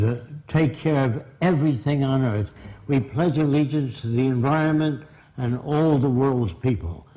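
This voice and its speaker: A man's voice: medium pitch, dark tone, low-quality recording. An older man from Brooklyn, giving a blunt, emphatic public lecture. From Brooklyn, New York.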